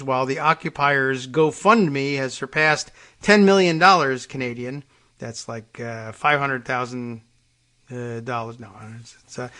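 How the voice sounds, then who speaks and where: A man's voice: fairly high pitch, a bit bright. A man hosting a radio talk show, reading news items aloud and breaking off into dry, sarcastic asides with frequent fillers and restarts.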